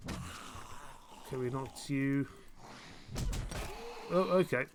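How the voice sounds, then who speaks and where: A man's voice: medium pitch, steady tone, very slow, slight background noise. A young man chatting through a live gameplay stream, rambling and self-mocking, chuckling often. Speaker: game streamer. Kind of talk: casual live gameplay commentary.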